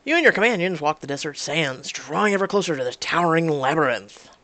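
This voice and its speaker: A woman reading the narration of a story game aloud in a plain, steady way. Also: sits low, quick pace, no echo. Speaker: reader.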